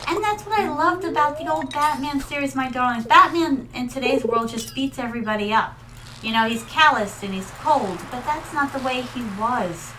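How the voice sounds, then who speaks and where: A woman's voice: high-pitched, moderate pace, pushed and bright, a little hiss or hum, rough recording. A woman Vtuber streamer chatting casually and rambling through stories while playing, calling her viewers her darlings. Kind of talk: casual gaming livestream chat.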